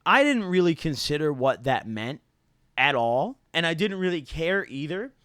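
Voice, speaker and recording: A man's voice: on the high side, sing-song, moderate pace, a bit bright, clean tone, no room sound, clean studio sound. A young man telling a rambling, slang-heavy story to his viewers, full of "like" and "dude" and casual swearing. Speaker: YouTuber.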